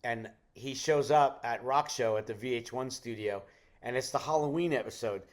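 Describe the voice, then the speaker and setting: A middle-aged man, telling a lively anecdote as an interview guest and acting out the other people's lines. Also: medium pitch, moderate pace, dry recording. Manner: animated anecdote with quoted voices. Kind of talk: casual storytelling.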